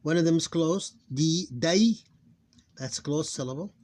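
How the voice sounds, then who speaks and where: Guy teaching phonics, lots of uh, drags out the sounds, kinda high voice. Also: a little mellow. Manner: hesitant, many fillers, slows down to sound out words. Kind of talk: explaining a lesson on screen.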